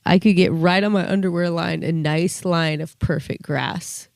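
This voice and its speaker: A woman's voice: on the low side, steady tone, normal speed, gravelly, dry recording, clean studio sound. A woman bantering boldly with her husband during a couples question game. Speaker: radio show cohost.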